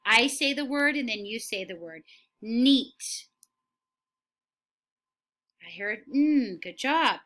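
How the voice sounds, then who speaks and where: Slow, bright-voiced woman teaching phonics. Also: on the high side, lively intonation. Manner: slow, encouraging, repeats words for pupils. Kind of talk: phonics lesson for young children.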